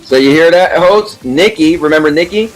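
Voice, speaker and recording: A man hosting a casual chat while playing a game, relaxed and reading out game stats. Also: fairly high pitch, moderate pace, faint music behind. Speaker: host.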